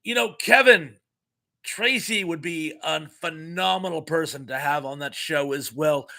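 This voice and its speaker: A man's voice: fairly high pitch, measured pace, vocal fry, bright, forceful tone. A middle-aged American man hosting a casual live stream, chatty and jokey, reading viewers' comments aloud and laughing often.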